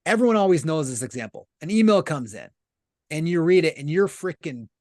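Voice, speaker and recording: Podcast guest: a man with a fairly high voice, earnest and explanatory, recorded dry and close. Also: lively intonation, a little fast, darkish tone, dry recording. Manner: earnest, explanatory, uses many rhetorical "right?" checks. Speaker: podcast guest, business leader. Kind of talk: casual conversational interview.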